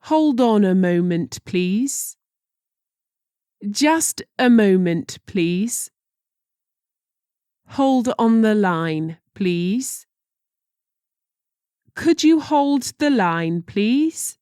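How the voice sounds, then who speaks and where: Slow, careful woman reading phrases. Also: mid-range voice, expressive, mellow, clear, resonant tone, no room sound, studio quality. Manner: slow and deliberate, careful pronunciation. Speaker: language teacher.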